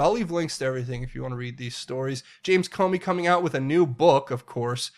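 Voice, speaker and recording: A man's voice: medium pitch, fast, few pauses. A man hosting his own political commentary channel, talking straight to his viewers in an earnest, direct way. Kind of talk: solo political commentary monologue.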